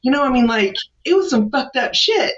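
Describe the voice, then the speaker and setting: A podcast co-host telling a story in a relaxed, casual way, full of fillers. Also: high-pitched, brisk. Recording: dull lo-fi audio with faint noise.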